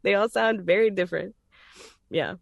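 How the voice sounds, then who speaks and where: Texan lady voice actor, chatty n giggly, mid pitch, dry close sound. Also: moderate pace, vocal fry, no room sound, dull audio. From Texas. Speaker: voice actor guest. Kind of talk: casual conversation.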